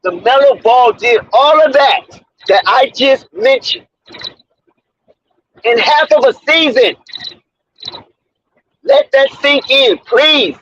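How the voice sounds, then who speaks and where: A man's voice: very high-pitched, takes it slowly, long pauses, a bit bright, no room sound. A man hosting his own sports commentary channel, talking in an emphatic, preachy and repetitive way with street slang, on a dull lo-fi recording. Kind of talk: off-the-cuff sports commentary monologue.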